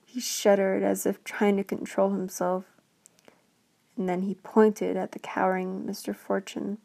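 Woman narrating a bedtime fairy tale in a gentle, flat, slow whisper; gravelly texture. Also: medium pitch. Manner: slow, hushed, half-whispered. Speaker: storyteller. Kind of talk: whispered bedtime story reading.

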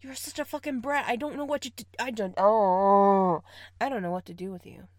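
A woman's voice: medium pitch, moderate pace, dry recording, clean studio sound, lightly acted. A young woman in an audio role-play, playing a bossy partner who teases, scolds and laughs often. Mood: scolding, laughing.

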